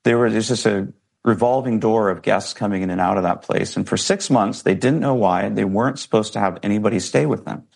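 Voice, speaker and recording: Low gravelly man telling a story. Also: a little fast, darkish tone. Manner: earnest, reflective, emotional. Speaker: interview guest. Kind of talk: personal storytelling.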